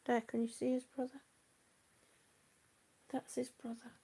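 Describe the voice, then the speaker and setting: A middle-aged woman chats on a live stream, a little short of breath, with a slightly high voice. She talks slowly and fondly to her viewers and calls them sweetie and honey. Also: flat delivery, mellow, slightly rough. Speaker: vlogger chatting with live viewers. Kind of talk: casual live-stream chat.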